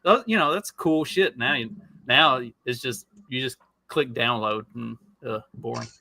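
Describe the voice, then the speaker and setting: Bright-voiced man, crude animated banter. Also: medium pitch, measured pace, gravelly, dry recording. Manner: animated, crude jokes, lots of fillers. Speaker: podcast co-host. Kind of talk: casual chat.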